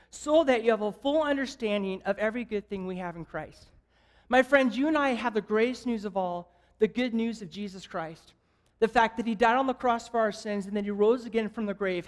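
A man preaching a sermon as an evangelist, telling a jokey story in an animated way and asking the crowd questions. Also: very high voice. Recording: long hall reverb.

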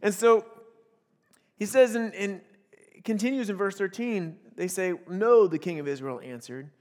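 Guy with a high voice giving a sermon, jokey, acts out the lines, laughs a lot. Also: a little slow, darkish tone, big-room sound. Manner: playful storytelling, acts out quotes, laughs often. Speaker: pastor.

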